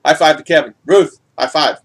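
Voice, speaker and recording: Middle-aged guy chatting on a livestream, shouting out his viewers, voice a little high. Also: normal speed. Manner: chatty, greets viewers by name. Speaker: vlog host reading live chat. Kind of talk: casual livestream chat.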